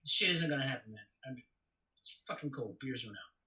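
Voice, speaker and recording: A man's voice: mid-range voice, expressive, quick pace, poor audio. An actor playing a young man who recounts his father's death in a confessional, storytelling way during a stage play reading. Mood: wry. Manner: confessional storytelling, swings to loud anguish.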